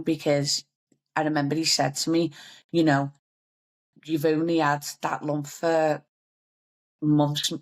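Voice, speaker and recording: Low-voiced young woman, chatty and candid. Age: young adult. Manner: chatty, filler-heavy, candid. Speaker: vlogger. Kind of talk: personal storytelling to camera.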